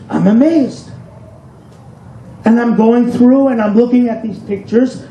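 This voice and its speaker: A man's voice: extremely high pitch, mellow, slight background noise. Earnest man giving a speech in a hall. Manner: earnest, storytelling, rhetorical questions. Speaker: speaker at a commemoration event. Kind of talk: emotional public speech with slides. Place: hall with an audience.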